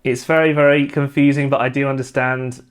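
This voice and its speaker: A man teaching a guitar lesson, calmly talking through strumming patterns and chord shapes, stopping between explanations to demonstrate. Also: medium pitch, clean tone. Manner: relaxed, explaining step by step with pauses to play. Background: loud guitar playing between phrases.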